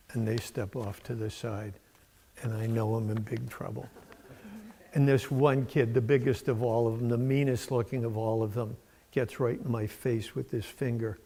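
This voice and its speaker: An older man from Massachusetts giving a sermon in a church, telling stories in a folksy, unhurried way with fillers. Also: medium pitch, dark tone. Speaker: preacher. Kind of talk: sermon with storytelling. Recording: long church reverb.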